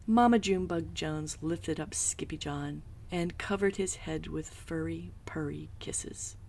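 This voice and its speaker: Storybook narrator: woman, low-pitched, unhurried, husky, hushed whispery telling. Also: a little hiss or hum. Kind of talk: children's picture book reading.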